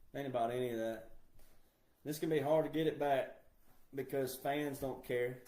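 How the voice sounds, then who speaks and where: Man ranting hard in a roomy space. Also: on the high side. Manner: heated, repetitive, emphatic. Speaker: country music artist. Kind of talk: impassioned rant. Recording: roomy echo.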